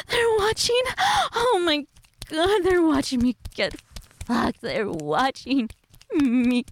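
Breathless, moaning woman in adult audio role-play. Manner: moaning, breathless, shifts from low purr to high cries. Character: married older woman, lustful and brazen.

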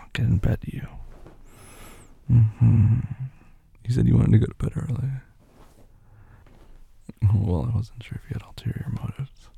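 A man playing a gravelly, gentle boyfriend. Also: mid-range voice, takes it slowly, pauses often, heavily acted. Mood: tender. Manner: gentle, reassuring, softly teasing. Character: caring young boyfriend putting his sleepy partner to bed. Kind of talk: boyfriend role-play audio.

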